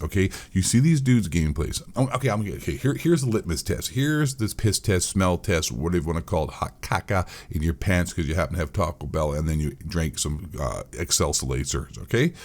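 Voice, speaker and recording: A man's voice: low voice, big pitch swings, a little fast, darkish tone. A man giving a profane, mocking, rambling rant as a gaming commentator. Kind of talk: ranting commentary.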